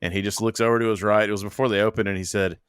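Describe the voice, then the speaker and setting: A man's voice: on the low side, steady tone, smooth, no room sound, studio quality. A man hosting a podcast who chats casually and reacts with enthusiasm. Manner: enthusiastic, quick to laugh. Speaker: podcast host. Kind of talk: casual chat.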